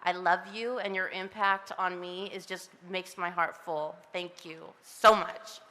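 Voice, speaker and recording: Woman in her fifties, gushing acceptance speech, bright forceful tone, PA echo ringing across an outdoor street. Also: lowish voice, fairly even intonation, a little slow. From Southern California. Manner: breathless, giggly, gushing with frequent laughs. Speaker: honoree giving acceptance speech. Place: outdoor ceremony on a public street.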